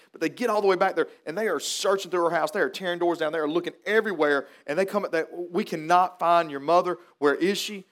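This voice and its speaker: Preacher guy, kinda high voice, tells stories all folksy then gets earnest. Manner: folksy, animated storytelling that turns to earnest preaching. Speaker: pastor. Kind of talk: funeral sermon with storytelling.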